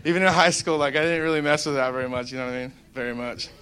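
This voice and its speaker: A young man shares his faith in a relaxed devotional talk, his voice sitting a little high. He rambles, restarts sentences and leans on fillers as he goes. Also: rapid-fire. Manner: rambling, conversational, with many fillers. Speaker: Christian speaker.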